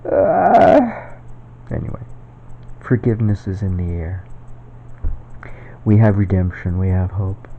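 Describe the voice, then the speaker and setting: A man's voice: low voice, lively intonation, slow pace, creaky, pauses often, slight background noise. A man at home talking in a casual, rambling monologue for his own video, chuckling often. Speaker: video maker. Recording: dull lo-fi recording.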